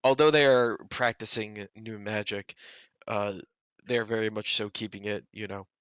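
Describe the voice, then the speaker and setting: Bright-voiced male game master. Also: fairly low pitch, moderate pace, clean tone, dry recording. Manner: relaxed, filler-heavy narration. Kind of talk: narrating a tabletop game.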